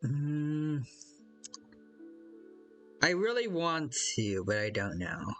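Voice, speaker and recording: A man's voice: fairly high pitch, very animated, drawn-out words, fairly bright tone, faint music behind. A man chatting casually on a live stream while playing a game, rambling and hesitant, reading out viewers' chat and greeting them by name.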